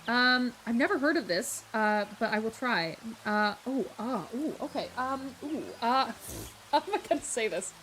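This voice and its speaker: A young Australian woman streaming live, chatting casually with viewers and reading aloud, giggly and animated. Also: a little high, moderate pace, slight background noise, poor audio.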